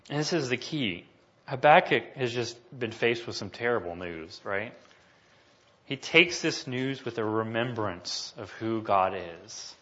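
Bright-voiced male preacher, muffled sound. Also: medium pitch, lively intonation, a little slow. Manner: emphatic, rising to loud declamation when reading scripture. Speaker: pastor. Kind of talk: sermon.

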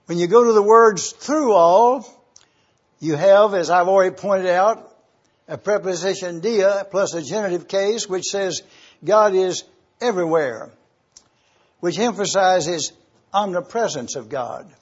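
A man with a high, husky voice preaches at an unhurried pace. He lays out each word with emphatic pauses, like a teacher walking through a text. The recording is dull and lo-fi. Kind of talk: sermon.

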